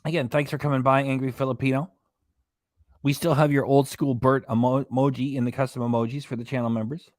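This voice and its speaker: A man's voice: medium pitch, level tone, fast, darkish tone, no room sound. Guy chatting on a livestream, reads out chat comments, rambly, dry close mic. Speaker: host of a reaction livestream. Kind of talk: casual livestream chat, reading viewer comments.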